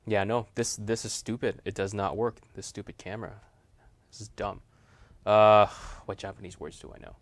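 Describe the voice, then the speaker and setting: A man's voice: lowish voice, little pitch movement, normal speed, no room sound. A man reviewing a gadget in a chatty, casual demo, laughing easily and poking fun at himself. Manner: chatty, laughs easily, self-deprecating asides. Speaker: tech reviewer.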